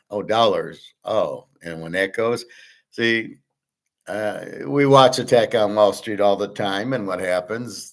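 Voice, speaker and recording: A man's voice: low-pitched, fairly bright tone. A middle-aged man talking casually and bluntly on his own show, rambling, swearing and restarting his sentences. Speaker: host. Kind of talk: casual monologue on money and markets.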